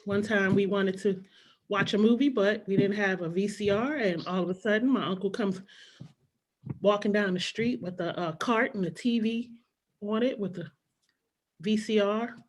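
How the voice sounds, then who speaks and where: A woman's voice: mid-range voice, moderate pace. A middle-aged woman performing a stand-up comedy set on a club stage, telling childhood stories and acting out her mother and her younger self.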